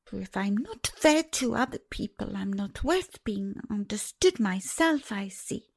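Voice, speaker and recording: An earnest young princess speaks high and pleading, always close to tears, as a woman puts her on. Her voice swoops up and down with a gravelly edge under it. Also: expressive, unhurried, exaggerated voice.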